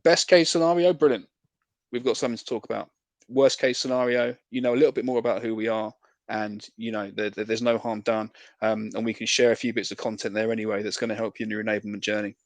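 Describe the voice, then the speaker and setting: A man's voice: on the low side, steady tone, quick pace, no echo. A man with an English accent, a salesman talking in a friendly, persuasive way with many fillers over a video call. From England. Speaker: sales rep on a practice cold call. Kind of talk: casual sales chat.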